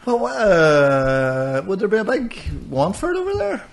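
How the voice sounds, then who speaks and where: A man's voice: very high-pitched, wildly swooping pitch, fast, gravelly. A man co-hosting a podcast, chatting casually and retelling football anecdotes with casual swearing. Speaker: podcast co-host. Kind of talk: casual chat.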